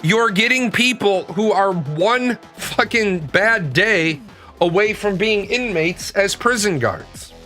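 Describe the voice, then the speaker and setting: A man with a high, bright, forward voice holds forth in casual conversation. He is blunt and emphatic, swearing freely as he makes his points. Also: expressive, slow pace, soft background music. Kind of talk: casual opinionated chat.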